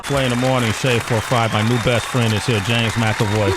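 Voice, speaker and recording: A man's voice: medium pitch, fairly even intonation, a little fast, loud music behind the voice, a loud crowd, poor audio. A man hosting a morning radio show, joking and blunt as he teases his guest. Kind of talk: casual morning radio chat.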